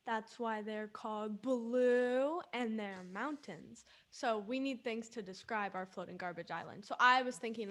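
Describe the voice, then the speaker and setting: A woman's voice: a little high, measured pace, fairly bright tone. A woman co-hosting a casual school podcast, playful and jokey, stretching words for emphasis. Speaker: podcast co-host. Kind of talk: casual group chat.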